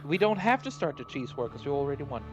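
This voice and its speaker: A man with a fairly high voice hosts a relaxed chat, brash and quick to joke. He swears freely and ribs his guest with mock toughness. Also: muffled recording, faint music behind. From Norway. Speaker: podcast host. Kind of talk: casual chat.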